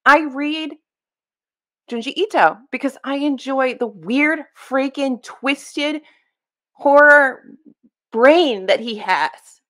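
A woman's voice: high-pitched, slow, fairly bright tone. Exasperated young woman reacting. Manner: exasperated, emphatic, swears and laughs. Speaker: book video creator reacting to a clip. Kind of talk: casual reaction commentary.

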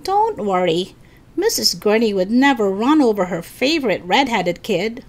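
A woman's voice: medium pitch, very animated, normal speed, a little mellow, close to an everyday voice. A woman reading a storybook aloud and voicing a teasing, complaining third-grade boy in a raised voice. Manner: complaining, wisecracking.

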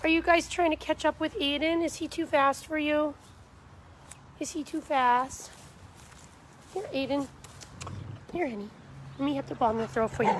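A woman's voice: high-pitched, steady tone, normal speed, pauses often, slight background noise. A woman on a live stream in a backyard, talking to dogs in coaxing baby talk, calling and cheering them on. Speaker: dog rescue volunteer. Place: backyard outdoors.

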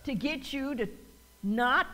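A woman's voice: high voice, takes it slowly, bright, forceful tone. A woman pastor preaching a sermon, repeating lines for emphasis and acting out quoted voices. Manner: call-and-response preaching, rising to emphatic repeats; acts out quoted voices with laughs.

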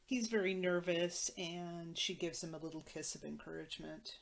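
Woman host, lowish voice, dry matter-of-fact recap with wry asides. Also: steady tone, normal speed, creaky, very noisy. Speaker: podcast host. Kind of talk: episode recap commentary.

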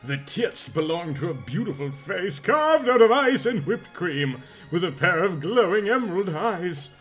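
A man's voice: high-pitched, sing-song, measured pace, fairly bright tone, soft background music. A man reading a comic parody story aloud in a melodramatic, mock-passionate narration.

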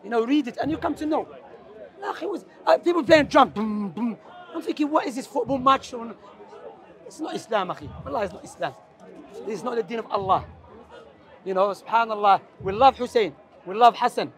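High-voiced man preaching outdoors in a debate. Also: a little fast, a faint crowd. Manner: earnest, animated and persuasive, sprinkled with Arabic phrases. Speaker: street preacher. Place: busy outdoor public space.

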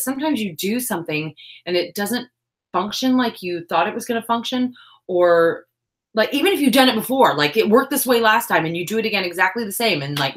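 A woman's voice: fairly high pitch, fairly bright tone. A woman, hosting a crafting livestream from her home craft room, chatting casually and self-deprecatingly while reading the chat aloud.

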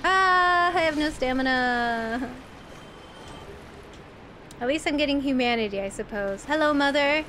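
Unhurried and pausing often, this woman streamer has a high-sitting voice with a sharp tone, recorded with a little hiss or hum. She chats with viewers in chat while providing live gameplay commentary, shrieking when enemies jump out.

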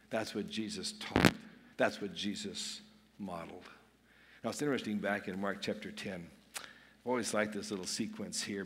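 A man's voice: mid-range voice, fairly bright tone. A man preaching an earnest sermon as pastor, swelling and dropping his voice for emphasis. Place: church sanctuary. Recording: long reverb of a church hall.

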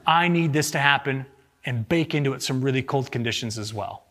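A man, an agricultural meteorologist, giving a lively, joking slide presentation to farmers and asking the audience rhetorical questions. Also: mid-range voice, a little fast.

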